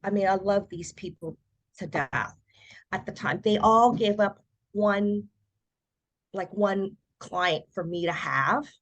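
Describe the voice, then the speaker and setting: A middle-aged woman, a podcast guest, telling her personal story in a lively way and acting out what other people said. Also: mid-range voice, takes it slowly. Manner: animated storyteller who acts out quoted voices.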